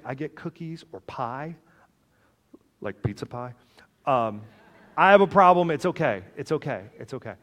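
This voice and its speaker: Male pastor, mid-pitched, animated sermon delivery, joking, loud and soft swings.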